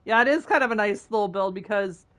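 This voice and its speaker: Talking quickly in a bright, medium-pitched voice, this woman streams a game and chats casually with viewers. She giggles often and teases them playfully.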